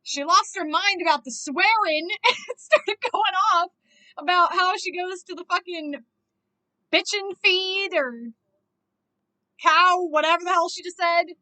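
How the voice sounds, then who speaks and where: A woman reacting to a movie in casual commentary, animated and exclaiming, swearing constantly and laughing. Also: extremely high pitch, unhurried, rough recording.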